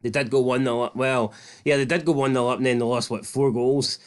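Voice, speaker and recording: A man's voice: mid-range voice, steady tone, a little fast, clean tone. A Scottish man co-hosting a football review show in casual, blunt chat, swearing and joking.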